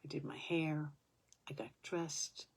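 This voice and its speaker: An older woman at home, working as a vlogger, talks casually to her own camera in a low, slow, gravelly voice that's slightly rough. Her speech rambles with an aggrieved edge and is full of fillers.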